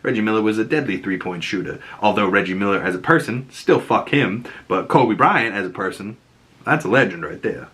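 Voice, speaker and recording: Animated, bright-voiced man reacting to a trailer. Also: on the low side, a little fast. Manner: animated, chatty, laughs often. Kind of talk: casual reaction commentary.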